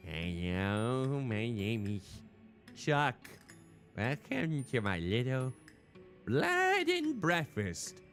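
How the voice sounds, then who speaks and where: A man's voice: medium pitch, wildly swooping pitch, extremely slow, fairly bright tone, faint music behind, full character voice. A man voicing a creepy, grinning male butcher innkeeper with a lisp, sly and overly cheerful, drawing out his words.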